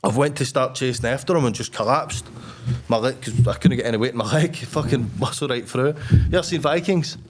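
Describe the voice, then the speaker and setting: A young Scottish man, a podcast guest, telling a wild story in a blunt, sweary, animated way. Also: medium pitch, a little fast. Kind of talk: casual storytelling.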